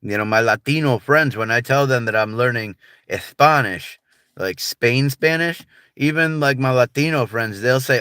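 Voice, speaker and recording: A man's voice: mid-range voice, normal speed, bright, forceful tone, clean tone, no room sound, clean studio sound. A man with a General American accent, chatting casually on a livestream in a laid-back, rambling way full of filler words. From United States.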